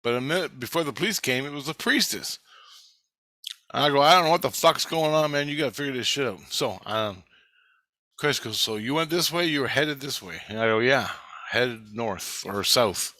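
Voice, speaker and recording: Speaking at a normal pace in a mid-range voice that sounds pushed and bright, a man tells a casual first-person story full of swearing, acting out the dialogue he quotes. No room sound is audible.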